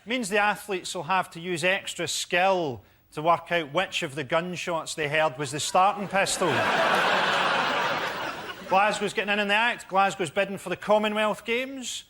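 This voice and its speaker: A man's voice: sits high, moderate pace. A man delivering blunt one-liners as a panel show comedian. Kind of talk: deadpan stand-up one-liners. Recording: loud studio audience and noise.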